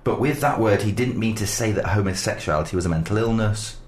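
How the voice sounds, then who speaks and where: A man's voice: fairly low pitch, fast talker, a little mellow, a little hiss or hum. A man co-hosting a radio show, chatting casually and reading news aloud with joking asides. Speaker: radio co-host.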